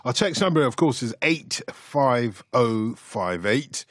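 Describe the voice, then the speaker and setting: Male radio host, husky, jokey, dry close studio sound. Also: on the low side, no echo. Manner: jokey, laughs often, reads texts aloud. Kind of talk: radio phone-in presenting.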